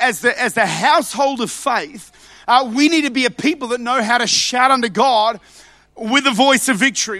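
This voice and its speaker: A male preacher delivering a sermon in a high, bright, forceful voice. He jumps from hushed asides up to fervent shouts and often stumbles into repeated words. The sound is close and dry. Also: no echo. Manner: passionate, swings between loud shouts and quiet asides, repeats words.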